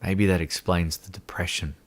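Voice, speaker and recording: A man's voice: sits low, fairly even intonation, moderate pace. A young man hosting a casual livestream chat, rambling and mocking himself with frequent laughter. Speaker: livestream host.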